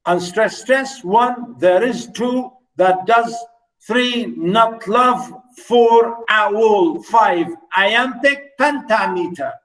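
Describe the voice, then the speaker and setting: Male lecturer with a high voice, repeats points and quizzes the class; recorded from across the room. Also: drawn-out words, fairly bright tone. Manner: repetitive, rhetorical questions, many "you know"s. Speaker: literature lecturer. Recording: voice from far off the mic.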